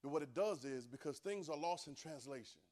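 A man's voice: on the high side, expressive, brisk, a little mellow. A man preaching a Bible class sermon, emphatic, repeating phrases and calling on listeners to answer back.

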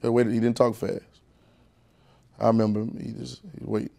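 Male preacher, sermon delivery, folksy asides to the congregation, climbs in pitch and volume on key points. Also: little pitch movement, moderate pace, gravelly, dark tone. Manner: call-and-response preaching, building in pitch and volume.

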